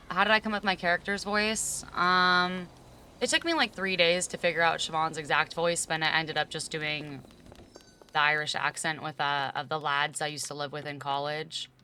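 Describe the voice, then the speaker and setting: Low, forceful woman streamer. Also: steady tone, normal speed, clear, resonant tone. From California. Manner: rambling, heavy use of "like", emphatic when arguing. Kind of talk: casual chat with viewers.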